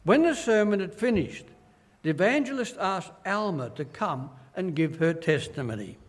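An older man with an Australian accent preaching a sermon as pastor, slow and earnest, acting out quoted voices as he tells stories. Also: high voice, very animated, long reverb tail.

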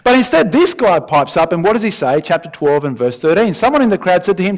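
A man preaching a sermon in a conversational, animated way, with asides to the congregation. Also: sits high, fast talker, hardly any pauses. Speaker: pastor. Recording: dull, lo-fi sound.

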